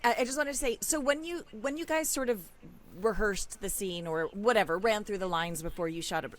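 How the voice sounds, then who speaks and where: A woman's voice: mid-range voice, a little fast. A woman in casual podcast chat, curious and asking questions. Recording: crowd heard behind.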